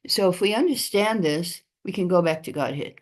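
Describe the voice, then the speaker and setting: A woman giving a devotional scripture class in a temple, speaking in an unhurried way and pausing often between phrases. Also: on the low side.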